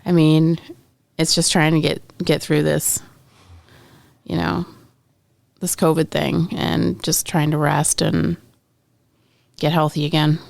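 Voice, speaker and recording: A woman with a fairly low, gravelly voice co-hosts a casual podcast while sick with covid. She mostly answers in short, supportive replies. The sound is close and dry. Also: flat delivery, takes it slowly, long pauses, darkish tone, no echo. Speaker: podcast co-host.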